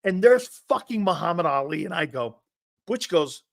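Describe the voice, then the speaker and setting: Man in his 50s, sports talk host, casual storytelling, digressive, swears a bit, fairly high voice, dry room. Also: very animated, moderate pace, gravelly, no echo. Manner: rambling, digressive, with restarts and profanity. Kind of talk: casual anecdotal storytelling monologue.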